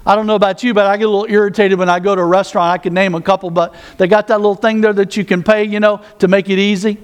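Male pastor, high voice, sermon delivered as easy conversation with self-mocking asides. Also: flat delivery, rapid-fire, clean tone.

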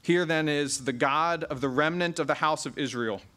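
A man preaching an expository sermon, stressing key words with slow, drawn-out emphasis. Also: a little high, bright, forceful tone.

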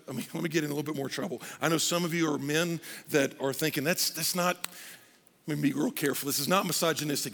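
A pastor preaching with animated energy, often breaking into shouts and acting out little voices. His voice is bright and edged with gravel. Long reverb from a large room trails behind him. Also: on the high side. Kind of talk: sermon.

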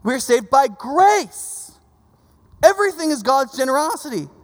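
Man doing a fiery Bible teacher, emphatic, higher pitched, loud, long reverb. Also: lively intonation, a little fast. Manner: emphatic, shouting denials. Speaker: teacher quizzing a class.

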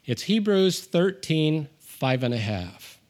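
Animated male preacher. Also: slow pace. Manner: animated, rises in pitch and volume when reading scripture aloud; conversational with asides and self-deprecating humor. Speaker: pastor. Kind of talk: sermon.

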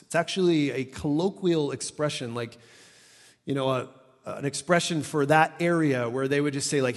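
A man preaching a sermon in a conversational, animated way, acting out the lines he quotes. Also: fairly high pitch, moderate pace, long reverb tail.

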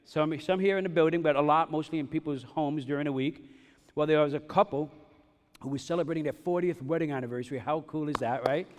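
A man with a slightly higher voice preaches with emphatic repetition, breaking into light humorous asides. His words ring out in a church sanctuary with a long, lingering reverb. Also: steady tone, fast, a little hiss or hum. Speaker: pastor. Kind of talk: sermon. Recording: long reverb of a large hall.

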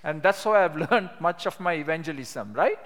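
An older man teaching a class on sharing the gospel, telling stories with animation and reading scripture slowly with emphasis. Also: on the high side, lively intonation, fairly bright tone. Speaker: evangelism trainer. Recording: long hall reverb.

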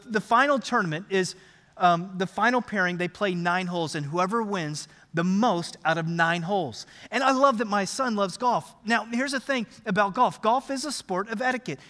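Pastor, man, middle-aged, very high bright voice, animated storyteller, big echoing church hall. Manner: animated, conversational, acts out scenes. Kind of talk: sermon storytelling. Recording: long reverb of a large hall.

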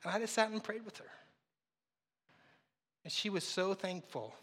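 A man's voice: sits high, moderate pace, fairly bright tone, husky, long reverb tail. A man preaching a sermon as pastor, telling stories in a conversational, self-deprecating way. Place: church sanctuary.

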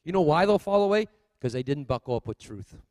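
A male pastor preaching a sermon, swinging between loud exhortation and quiet asides. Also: a little high, big pitch swings, a little fast, no room sound.

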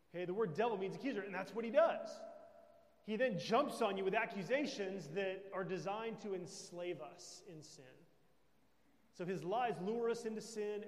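Male pastor, higher voice, emphatic sermon delivery, recorded in a reverberant hall. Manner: emphatic, with conversational check-ins. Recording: echoey hall with long reverb.

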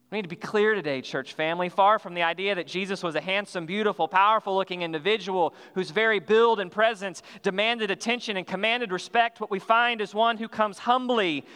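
High, bright-voiced man preaching a sermon. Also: smooth, long reverb tail. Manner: earnest, measured preaching with slowed emphatic phrases and some restarts. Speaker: pastor. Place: church sanctuary.

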